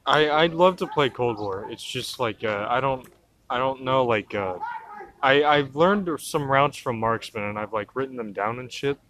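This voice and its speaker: A man's voice: medium pitch, normal speed, a bit bright. A man with an American accent telling stories in a rambling, profane way during casual gaming chat.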